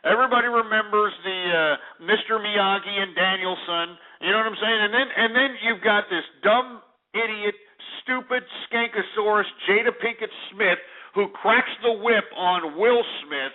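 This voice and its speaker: Guy ranting on his radio show, cursing and rambling, high voice, tinny archive audio. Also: normal speed. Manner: angry, profane, rambling. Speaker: radio host. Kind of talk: ranting talk radio monologue.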